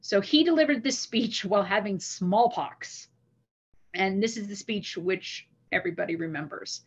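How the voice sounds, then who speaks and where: A woman giving an online history lecture as guest presenter, telling the story with earnest feeling and pausing to recite a speech. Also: medium pitch, husky. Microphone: computer mic on a video call.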